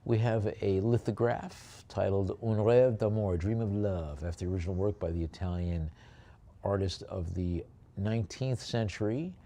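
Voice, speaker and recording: The auctioneer here is a man whose mellow, lowish voice carries some vocal fry. Working an auction room, he calls bids and describes artwork lots while adding jokey, conversational asides between calls.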